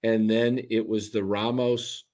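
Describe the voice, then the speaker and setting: A man's voice: on the low side, little pitch movement, unhurried, a little mellow. A man co-hosting a casual postgame talk stream, rambling and restarting his sentences often. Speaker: podcast co-host. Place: attended the game in a ballpark, now talking on a stream.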